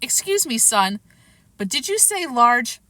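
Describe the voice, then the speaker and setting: A woman's voice: a little high, big pitch swings, measured pace, bright, forceful tone, dry recording, exaggerated voice. A woman voicing a skeptical male baseball coach who questions a boy dryly and persistently. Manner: dry, doubting, persistent.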